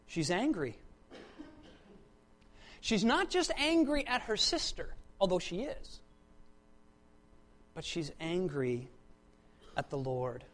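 Preacher in mid-sermon, emphatic and repetitive, dynamic from forceful to hushed. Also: slow, pauses often. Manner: expressive, swings between loud emphasis and hushed lows; repeats words for emphasis.

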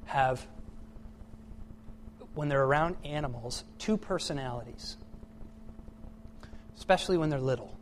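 Man preaching a sermon in a church, high voice, slow and drawn out, goes from quiet to loud. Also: a little hiss or hum. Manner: swings from hushed to loud and emphatic. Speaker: pastor.

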